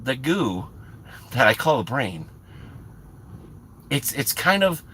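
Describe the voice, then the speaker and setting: Middle aged guy rambling a funny story to chat, kinda raspy, pitch bouncing all over. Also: slow pace. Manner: animated, self-mocking, rambling with restarts. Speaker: streamer. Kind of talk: casual storytelling to live chat.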